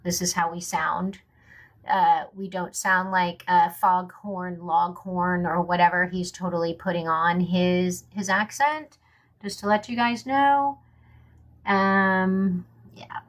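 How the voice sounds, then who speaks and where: A woman from Louisiana talks in her own Louisiana accent, unhurried and unrushed. Her voice sits a little low. She speaks bluntly and casually to her viewers, filling pauses with ums and uhs. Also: fairly even intonation, rough recording. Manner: blunt, outspoken, with frequent fillers. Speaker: vlogger. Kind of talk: casual political vlog.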